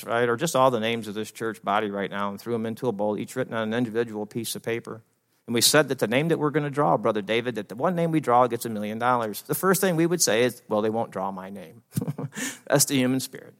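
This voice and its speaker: A man preaching a sermon in a church, animated and acting out panicked inner voices, laughing often between points. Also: medium pitch, fast. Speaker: pastor. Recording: long reverb of a church hall.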